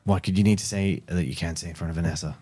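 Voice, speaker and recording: Guy playing a flustered teen boy, deep voice, stammers and rushes. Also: steady tone, mellow, breathy edge, soft background music. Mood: impatient. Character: flustered teenage boy, older brother.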